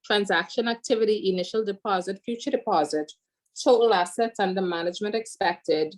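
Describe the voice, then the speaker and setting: A woman student answers her teacher over a video call, unsure of herself and apologizing as she works toward the answer. Her voice sits at a middle pitch. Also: brisk, poor audio. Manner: hesitant, apologetic, laughing. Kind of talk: answering in an online class.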